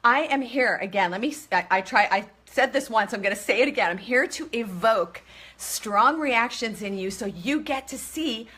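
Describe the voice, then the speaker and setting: A middle-aged woman talks on a live stream, gushing over her viewers and greeting each one by name. Her voice is bright and forceful and sits a little high, and she swears casually as she talks. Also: lively intonation, moderate pace, slightly rough.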